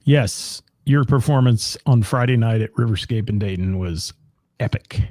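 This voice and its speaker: A man's voice: fairly low pitch, moderate pace, mellow, no echo, studio quality. A middle-aged man from Ohio, co-hosting a casual live-streamed chat from home and greeting viewers by name. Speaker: co-host of a live-streamed talk show.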